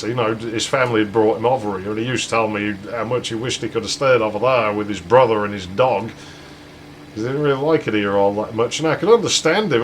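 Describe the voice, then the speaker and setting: A man's voice: medium pitch, slight background noise, poor audio. A British man hosting a game playthrough, telling a long rambling anecdote and swearing freely. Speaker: let's play host. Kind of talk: casual anecdote while gaming.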